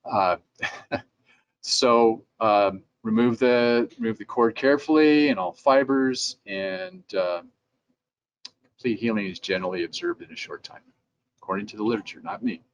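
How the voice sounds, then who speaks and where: A man's voice: fairly low pitch, normal speed, highs cut off. Man giving a conversational dental lecture. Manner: conversational, acts out dentists' voices in quotes. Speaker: dental lab president giving a training talk. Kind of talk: instructional presentation.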